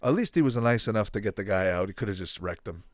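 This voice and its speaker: A man giving casual live commentary as he watches a video, excitable and thinking aloud, often asking his viewers questions. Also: lowish voice, fast talker, dry recording. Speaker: reaction video host.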